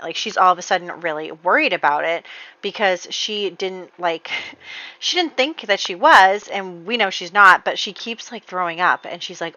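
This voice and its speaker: A woman's voice: on the low side, unhurried, pushed and bright, no room sound, highs cut off. A woman casually retelling the drama of her life-simulation game, chatty and full of fillers, laughing at her own story. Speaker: gameplay narrator. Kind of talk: casual storytelling over gameplay.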